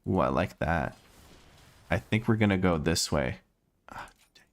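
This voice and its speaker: A man's voice: low-pitched, lively intonation, measured pace. A man streaming a game, chatting casually and playfully, thinking aloud and laughing often. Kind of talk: casual live-stream chat while gaming. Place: home room.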